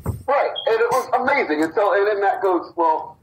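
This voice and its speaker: A man's voice: high voice, animated, moderate pace, a little hiss or hum, low-quality recording. A man co-founder of a wrestling company, casually telling a long story on a podcast and acting out the quotes.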